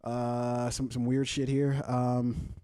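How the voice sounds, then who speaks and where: A young man hosting a podcast, chatting casually and rambling, swearing often and swinging into loud, animated rants. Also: medium pitch, takes it slowly, smooth, dry recording, clean studio sound. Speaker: podcast host. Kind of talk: casual pop-culture chat.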